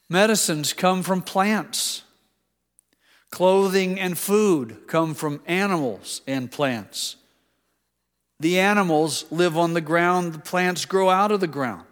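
A man delivering a sermon in a somewhat high voice, relaxed and conversational, stopping for personal asides and stories. His words ring out with a long reverb tail from the church hall. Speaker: preacher.

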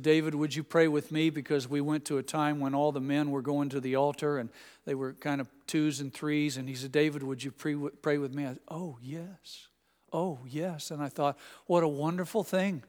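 Male preacher, sermon, storytelling with gentle humor, smooth resonant voice, long church reverb. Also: fairly high pitch. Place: church sanctuary.

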